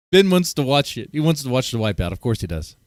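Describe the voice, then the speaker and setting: A man streams and reacts to clips in casual commentary, joking crudely and rambling with restarts. His mid-range voice is sing-song at a moderate pace, against a noisy background.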